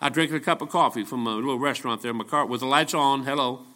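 A man's voice: mid-range voice, fast talker, sharp tone. A man, a traveling evangelist, preaching a sermon in a church in a folksy, storytelling way, often restarting his sentences.

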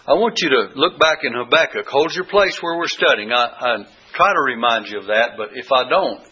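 A man's voice: mid-range voice, expressive, normal speed, pushed and bright, husky. A man teaching a Bible study lesson, reading verses aloud and repeating key words with rising emphasis. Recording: dull lo-fi recording.

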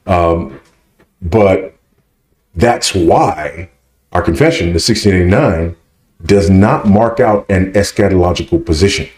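A man's voice: low-pitched, measured pace, darkish tone. A man speaking at a conference Q&A, teaching emphatically and often checking with "right?". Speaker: conference speaker answering questions. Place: conference hall. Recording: echoey hall.

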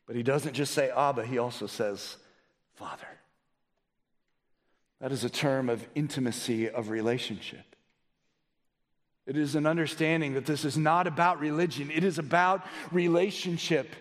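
A man preaching a sermon as pastor, emphatic, swinging between a raised voice and soft pleading. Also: medium pitch, moderate pace, pauses often, in a large hall.

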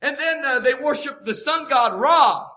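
A man's voice: extremely high pitch, lively intonation, unhurried, sharp tone. A man preaching a sermon, emphatic and repeating his key phrases for weight.

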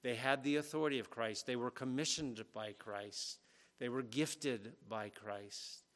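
A man's voice: medium pitch, a little slow, a bit bright. A man preaching an expository sermon, earnest and emphatic, leaning hard on key phrases.

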